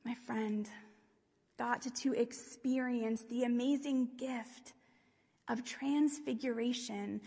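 Slow, high-voiced woman preaching in a hall. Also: slightly rough. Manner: slow, gentle storytelling with hushed passages. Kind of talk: sermon. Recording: long reverb of a large hall.

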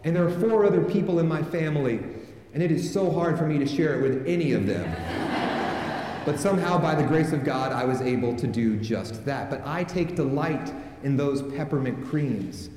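Male pastor, mellow tone, preaching to and prompting a congregation, heavy hall echo. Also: on the high side, expressive, normal speed, slight background noise. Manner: calls on the congregation to respond. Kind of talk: sermon. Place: large church sanctuary with a congregation. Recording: echoey hall with long reverb.

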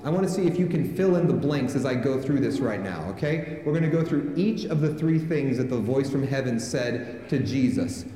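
Male pastor, mellow tone, preaching to and prompting a congregation, heavy hall echo. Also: medium pitch, animated, moderate pace, few pauses. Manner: calls on the congregation to respond. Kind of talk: sermon. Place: large church sanctuary with a congregation. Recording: echoey hall with long reverb.

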